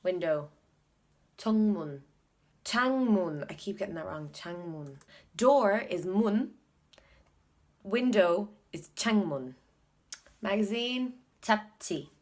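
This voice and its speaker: A woman's voice: medium pitch, animated, normal speed, pauses often, darkish tone. A woman with an Irish accent chatting casually in a study vlog, thinking aloud and repeating words to practise them. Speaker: video blogger learning Korean.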